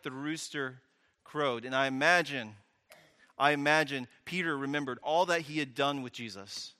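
A pastor preaches in a bright, forceful voice, keeping it conversational with questions to the room and wry asides. His words ring with a long hall reverb. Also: mid-range voice. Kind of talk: sermon.

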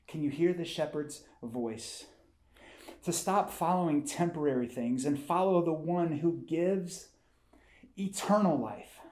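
A man's voice: mid-range voice, darkish tone. A man pastor giving a conversational sermon that rises to emphatic peaks. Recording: roomy echo.

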